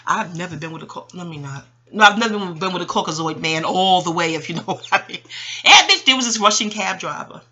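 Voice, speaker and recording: A woman's voice: lowish voice, animated, fast, sharp tone. A middle-aged woman from Harlem, talking in a rambling, profane monologue, digressing and laughing often. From New York, Harlem. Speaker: astrologer and host.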